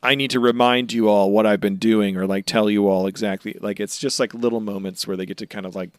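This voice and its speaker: A man's voice: fairly low pitch, steady tone, fairly quick, no room sound. A man co-hosting a podcast in casual chat, rambling and enthusiastic, swearing now and then. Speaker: podcast co-host.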